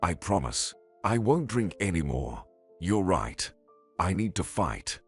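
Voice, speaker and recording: A man's voice: low-pitched, very animated, takes it slowly, husky, faint music behind, heavily acted. A man reading the lines of a remorseful police officer and father, muttering apologies.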